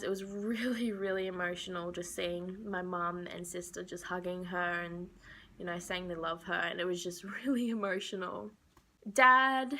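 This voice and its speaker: A woman's voice: medium pitch, bright, forceful tone. A young woman vlogger telling a personal story while crying, her voice breaking into whispers. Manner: tearful, emotional, voice breaking into whispers.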